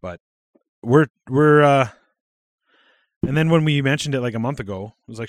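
A man's voice: mid-range voice, moderate pace, pauses often, no room sound, studio quality. A man co-hosting a casual podcast, telling rambling stories with easy laughter. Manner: laid-back, rambling storytelling with laughs. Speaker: podcast co-host. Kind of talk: casual chat.

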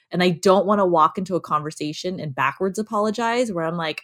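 A woman's voice: on the low side, fast, few pauses, a bit bright. A woman talking casually and animatedly as a podcast co-host, laughing often and acting out her inner voices. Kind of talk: casual conversation.

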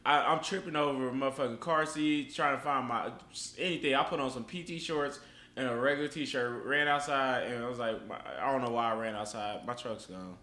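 A young man with a medium-pitched voice hosts a casual podcast, talking a little fast. He tells stories animatedly and swears a lot, recorded in an echoey room with faint background noise.

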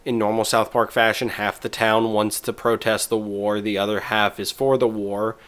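A man's voice: fairly low pitch, flat delivery, normal speed, fairly bright tone, clean tone. A man in casual chat, rambling through an episode recap with restarts and quoted bits.

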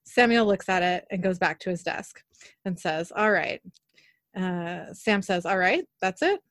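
A woman's voice: fairly low pitch, expressive, measured pace, no room sound, clean studio sound. A woman casually recapping a TV episode, narrating scenes and quoting characters' lines in her own voice. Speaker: podcast host recapping an episode.

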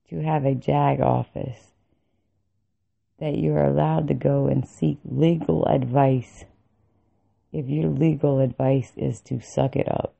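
A woman's voice: rumbling low, fairly even intonation, slow pace, creaky. A woman telling an angry, profane story about army training, with bitter laughs. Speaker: vlogger recounting army training. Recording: tinny phone-like recording.

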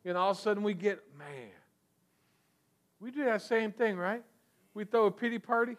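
A man's voice: sits high, animated, brisk, fairly bright tone. A man preaching a sermon in a conversational way, asking rhetorical questions and often repeating words. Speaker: pastor.

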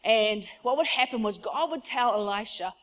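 A woman's voice: on the high side, expressive, moderate pace, fairly bright tone. A woman preacher giving a fervent sermon in a conversational, storytelling way.

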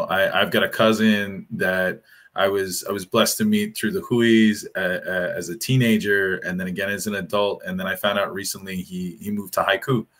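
Bright-voiced Hawaiian man telling stories. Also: low voice. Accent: Hawaiian Pidgin. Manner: animated storytelling with acted-out quotes. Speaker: panel guest. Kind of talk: casual panel discussion.

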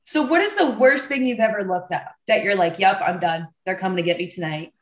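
A woman hosting a podcast, telling lively stories and swearing freely. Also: mid-range voice, brisk. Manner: animated storyteller, swears freely. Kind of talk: casual podcast chat. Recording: roomy echo.

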